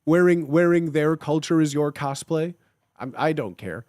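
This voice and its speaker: A man's voice: a little high, moderate pace, no echo, clean studio sound. A young man in his twenties chatting casually and jokingly on a live stream, reading and answering chat. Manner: animated, jokey, slangy.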